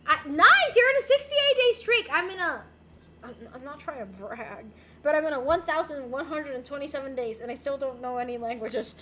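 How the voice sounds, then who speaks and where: A woman's voice: high voice, animated, brisk, sharp tone, reverberant, a little hiss or hum. A young woman streaming live, chatting playfully with her viewers and switching between English and Spanish. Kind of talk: casual live-stream chat.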